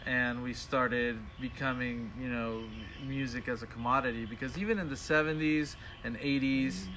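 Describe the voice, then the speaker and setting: Laid-back rambling man, bright voice. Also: medium pitch, fairly even intonation, moderate pace, slight background noise. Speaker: studio musician and producer. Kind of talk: casual interview talk.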